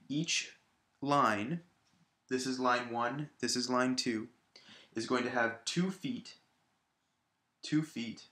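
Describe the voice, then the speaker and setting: Patient male teacher, bright echoey voice. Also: medium pitch. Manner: patient, explanatory, repeats examples aloud with stress. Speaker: high school English teacher. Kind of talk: recorded video lesson.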